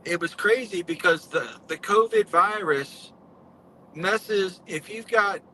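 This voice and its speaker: A man's voice: high-pitched, takes it slowly, pushed and bright, a little hiss or hum, low-quality recording. A man earnestly telling his story in casual live-stream chat, with folksy speech.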